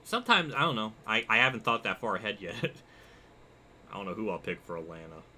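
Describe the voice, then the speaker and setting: A young man gives loose, running commentary over a racing game, his pitch leaping around as he gets excited. His voice is bright and cutting, with a low hiss of noise behind it. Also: a little fast. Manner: excitable, chatty, reacts loudly and reads chat. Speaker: sim racing streamer. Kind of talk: live gameplay commentary.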